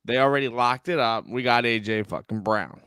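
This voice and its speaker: A man's voice: medium pitch, fairly quick, pushed and bright, smooth, no echo, clean studio sound. A man co-hosting a sports podcast, joking around in a sleepy, casual way. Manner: jokey, sleepy, talks over co-host. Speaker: podcast co-host.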